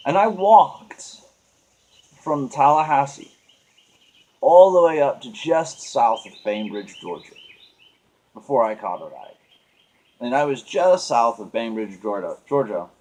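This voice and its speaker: A man venting in a casual monologue, rambling and earnest, often restarting his sentences. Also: mid-range voice. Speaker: vlogger.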